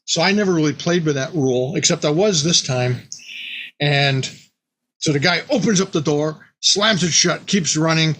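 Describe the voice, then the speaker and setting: A man telling an old tabletop game story in a casual, animated way, jumping into quick bits of the players' and the monster's voices. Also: on the high side, a little hiss or hum.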